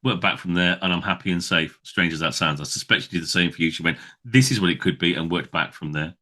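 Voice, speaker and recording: Deep-voiced British man, reflective. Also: fast talker, bright, forceful tone. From United Kingdom. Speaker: podcast co-host. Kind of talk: casual chat.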